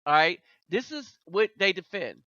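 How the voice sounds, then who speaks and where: A man giving reaction commentary in a slow, repetitive, lecturing way, tossing in "right?" asides. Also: sits high, lively intonation, sharp tone, dry recording. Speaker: commentary channel host. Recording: dull, lo-fi and dry.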